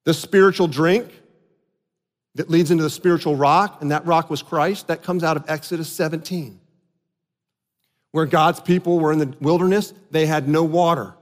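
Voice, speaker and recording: A pastor with a high voice gives an animated sermon at normal speed, frequently slipping into the voices of the people he quotes. A long reverb tail follows his words, as if in a large sanctuary.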